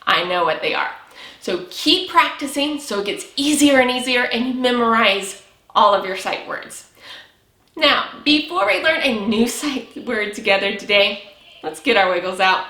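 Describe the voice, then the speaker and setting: A woman teaching young children to read, speaking slowly and cheerfully with lots of praise. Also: fairly high pitch, expressive, bright, forceful tone, roomy sound. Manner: slow, exaggerated, encouraging teacher talk with praise. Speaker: preschool teacher. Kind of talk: early reading lesson for young children.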